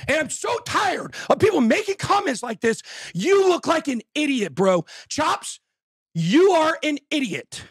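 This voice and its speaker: High-pitched ranting man. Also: sing-song, measured pace, no room sound, clean studio sound. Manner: loud, exasperated, insulting, often shouting. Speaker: show host. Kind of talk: heated rant on a live show.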